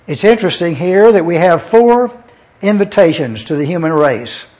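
A man preaching a sermon, reading scripture and stressing phrases in measured, emphatic lists. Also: high voice, lively intonation, darkish tone. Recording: dull lo-fi recording.

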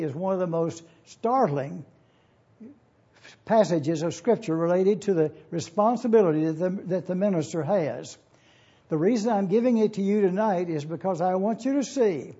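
A man preaching as a pastor, teaching in a deliberate, explanatory way and repeating his key phrases. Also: sits high, dark tone, breathy edge, dull audio. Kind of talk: sermon teaching.

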